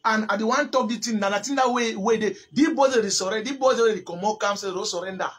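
A man from Cameroon speaking with a Cameroonian Pidgin accent on a live stream, giving emphatic, repetitive commentary that rises toward near shouts. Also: sits high, fast, husky. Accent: Cameroonian Pidgin English.

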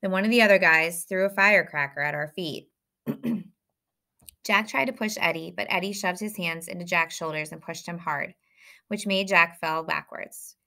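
A woman reading a novel aloud, telling a lively first-person story. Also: lowish voice, normal speed, vocal fry. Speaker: audiobook reader.

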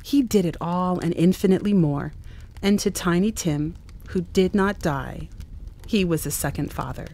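A woman narrating with expressive storytelling at a church reading. Her voice is on the low side. She lends the story lively shading. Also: moderate pace. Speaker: reader. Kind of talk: dramatic reading at a church event.

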